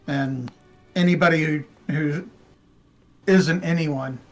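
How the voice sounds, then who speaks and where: A man's voice: fairly high pitch, fairly even intonation, slow pace, faint music behind. A man playing a tabletop game, describing his character's actions in a clipped, determined way. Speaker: player. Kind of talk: casual tabletop play.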